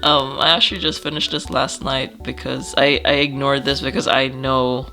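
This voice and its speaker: Rambling artist, bright tone, casual swearing, slightly blocked nose, faint background music. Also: mid-range voice, level tone, moderate pace, gravelly. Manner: rambling, swears a lot, laughs often, trails off. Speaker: artist showing a sketchbook.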